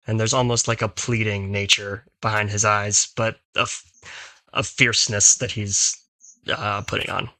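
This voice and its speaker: Low, bright-voiced male player. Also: flat delivery, normal speed, no echo. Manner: descriptive, narrating his character's actions. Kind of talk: narrating a tabletop game.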